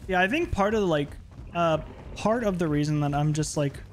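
Chatty male streamer, slightly high voice. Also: normal speed, a little hiss or hum. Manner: chatty, rambling, playful asides. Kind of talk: casual gaming stream chat. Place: home office.

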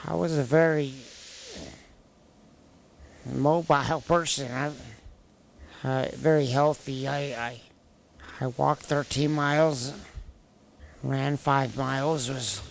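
A man shares his own story in plain, candid words, with a dry, wry streak of humor. He speaks slowly, often restarting phrases, and his voice has a gravelly, rough edge. Faint noise sits behind him. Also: mid-range voice, fairly even intonation. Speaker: interviewee sharing his personal story. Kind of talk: candid personal testimony.

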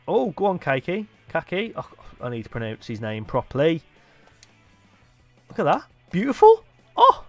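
An excitable young Englishman talks his way through a football video game match he is playing, muttering at one moment and yelling the next. His voice sits at an ordinary middle pitch. Faint music plays quietly behind him. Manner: excitable, swings between muttering and loud outbursts. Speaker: gaming YouTuber. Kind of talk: live gameplay commentary.

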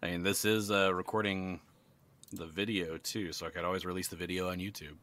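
A man's voice: deep voice, level tone, fairly quick, a bit bright. A man who runs the game, chatting casually and laughing along with his players. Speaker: game master. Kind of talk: casual chat.

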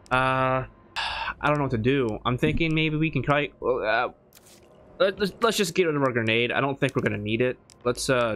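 A man narrating his own horror game run, muttering plans and then shouting in panic when chased. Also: medium pitch, slight background noise. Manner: swings from mumbled planning to panicked yelling. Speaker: gaming YouTuber. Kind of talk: let's play commentary.

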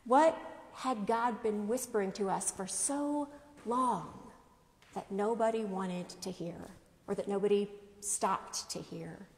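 A woman pastor preaching a sermon in a measured style, asking rhetorical questions. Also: medium pitch, darkish tone, in a large hall. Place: church.

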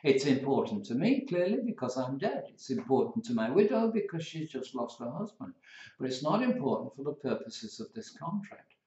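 A man's voice: mid-range voice, moderate pace. A man, teaching law as a tutor, telling playful stories and acting out examples. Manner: playful, animated storytelling with acted examples. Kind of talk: recorded lecture. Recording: roomy, dull lo-fi lecture recording.

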